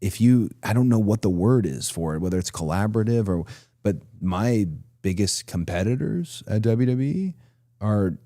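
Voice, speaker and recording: A man's voice: on the low side, expressive, moderate pace, warm tone, no echo, clean studio sound. A man in his forties hosting a casual interview, rambling and restarting his thoughts. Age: 40s. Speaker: podcast host.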